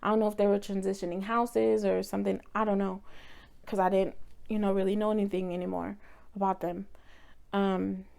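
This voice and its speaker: Gravelly young woman telling her story. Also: medium pitch, level tone, brisk, darkish tone. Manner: candid, emotional, with profanity. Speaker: vlogger. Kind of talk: personal storytelling.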